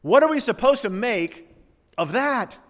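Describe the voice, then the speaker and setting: Booming preacher in a reverberant hall. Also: male voice, animated, unhurried. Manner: preacherly, swings from hushed to booming. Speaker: pastor. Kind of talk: sermon.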